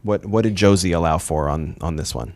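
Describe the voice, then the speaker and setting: A man's voice: deep voice, fairly quick, darkish tone. A man interviewing two actresses, asking questions in a playful, light-hearted way.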